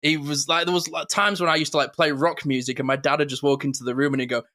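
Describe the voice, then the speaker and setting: A man, co-hosting a podcast and telling stories with quick impressions in casual chat. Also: fairly high pitch. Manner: animated, quick storytelling with impressions. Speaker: podcast co-host.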